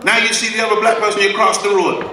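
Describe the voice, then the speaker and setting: Speaking fast and forcefully, this man's high, bright voice holds a steady tone as he addresses a responsive crowd in a preacher-like way. He's a guest speaker at a community event, heard from a distance in an echoey hall with a little hiss or hum.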